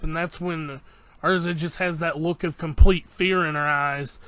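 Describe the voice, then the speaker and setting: Bright, high-voiced excited male reviewer. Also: a little slow, no echo. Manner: excited, swears freely, re-enacts scenes. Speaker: anime reviewer. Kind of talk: casual episode recap.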